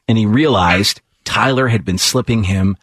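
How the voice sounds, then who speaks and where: A man's voice: on the low side, moderate pace, fairly bright tone, slightly rough, no echo, studio quality. A man hosting a radio show, telling a news story in casual banter and laughing along.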